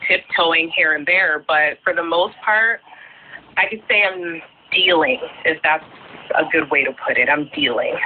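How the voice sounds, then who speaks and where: A woman's voice: deep voice, a little slow, a little hiss or hum. A woman guest chatting casually about her plans, rambling with lots of filler words. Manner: rambling, filler-heavy talk with many "like"s. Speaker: guest, YouTuber. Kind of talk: casual chat. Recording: tinny phone line.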